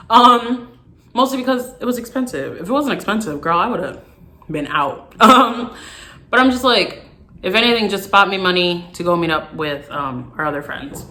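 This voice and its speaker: A young woman vlogger, telling a storytime in an animated, exasperated way. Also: mid-range voice, normal speed. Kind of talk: storytime vlog.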